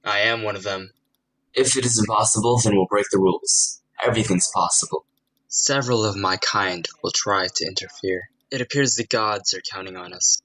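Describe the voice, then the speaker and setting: Game character voiced by a man: deadpan Californian cool kid, low-ish and bright. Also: moderate pace, rough recording.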